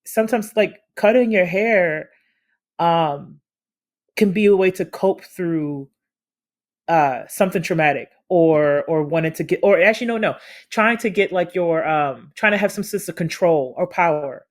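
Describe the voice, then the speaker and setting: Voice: medium pitch, unhurried. A co-host on a casual film review podcast, thinking aloud carefully and restarting sentences often. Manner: thoughtful, hedging, many restarts mid-sentence.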